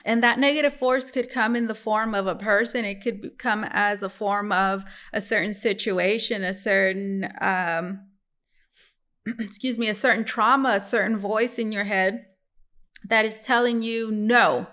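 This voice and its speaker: A woman's voice: medium pitch, fairly even intonation, unhurried, fairly bright tone. A woman reading tarot cards for her viewers in a casual, musing way, talking to them as guys. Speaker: tarot reader.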